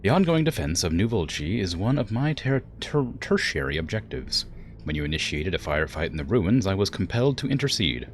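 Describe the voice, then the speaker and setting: A man voicing an ancient male AI weapons platform, calm and formal, in a smooth put-on generic English accent. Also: sits low, fairly quick, a little hiss or hum, pitched above the performer's own voice. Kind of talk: reading game dialogue aloud.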